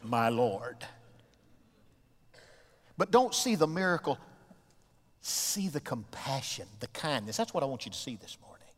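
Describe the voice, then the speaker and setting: A middle-aged man from the American South preaching a sermon as pastor, moving between soft, tender asides and loud shouted climaxes. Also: mid-range voice, sing-song, unhurried, long pauses. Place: church sanctuary. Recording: long reverb of a church sanctuary.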